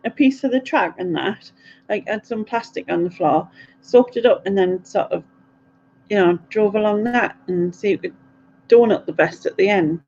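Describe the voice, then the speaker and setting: A woman's voice: on the high side, warm tone, muffled recording. A middle-aged woman, chatting and giggling through a casual live question-and-answer stream.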